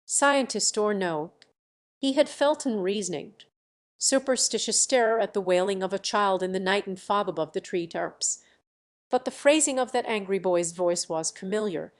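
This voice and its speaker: A woman narrating an audiobook of a science fiction novel in an even, measured way. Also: mid-range voice. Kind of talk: scripted narration.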